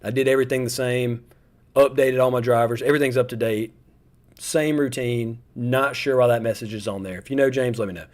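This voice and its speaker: A young man hosts a live stream, his voice sitting at an ordinary middle pitch. He chats casually and rambles a little, speaking directly to his viewers. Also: fairly even intonation, fairly quick. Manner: chatty, rambling, talks straight to viewers. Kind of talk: casual chat to a live audience.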